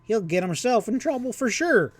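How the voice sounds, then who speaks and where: List: man playing a pudgy old cowpoke, worried, drawling, high voice, dry recording. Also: very animated, moderate pace, no room sound. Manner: worried, sarcastic.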